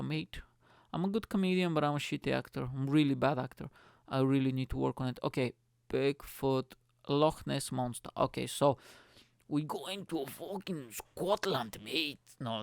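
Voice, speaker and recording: Young male podcast host, gravelly voice, dry close sound, sweary self-mocking ramble. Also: mid-range voice, no room sound. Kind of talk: casual solo rant.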